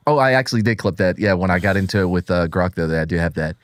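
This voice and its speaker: A man trading political banter on a live show, low in pitch and close to a dry mic. He jokes constantly and loses the thread as he mocks himself. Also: animated, very fast, hardly any pauses, no room sound. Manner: joking, self-mocking, easily distracted. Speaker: podcast co-host.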